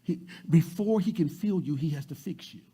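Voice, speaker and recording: A man pastor preaching a sermon, repeating words and swinging from loud to soft. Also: fairly high pitch, normal speed, breathy edge.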